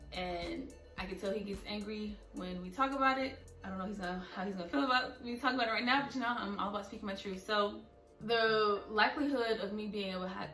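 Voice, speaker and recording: A young woman speaking earnestly and openly emotional in a personal vlog. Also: mid-range voice. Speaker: vlogger. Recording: echoey room, a bit far from mic, soft music.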